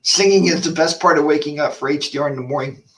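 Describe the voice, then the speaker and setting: A man hosting a laid-back live stream, rambling from one tangent to the next and ranting as he answers viewer comments. His voice sits a little on the high side, and he sounds somewhat distant from the microphone. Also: quick pace, fairly bright tone. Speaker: host of a motorcycle chat show. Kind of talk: casual live-stream chat.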